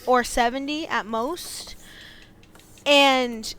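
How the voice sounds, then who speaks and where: A young American woman on a podcast, telling animated stories and laughing often. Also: sits high, extremely slow, smooth. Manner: animated storyteller, laughs often, says "like" and "dude". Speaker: podcast co-host. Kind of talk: casual chat.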